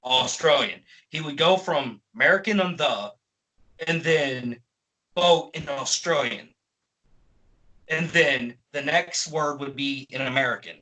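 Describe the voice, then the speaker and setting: A man's voice: medium pitch, measured pace, bright, forceful tone, low-quality recording. A man giving a profane, exasperated ranting movie review as a film reviewer.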